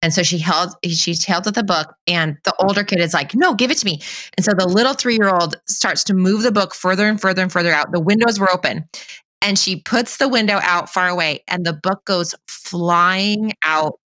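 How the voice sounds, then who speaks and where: A middle-aged woman hosting a podcast, chatting and telling a lively anecdote while acting out the voices she quotes. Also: on the low side, normal speed. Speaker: podcast host. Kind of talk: casual conversation.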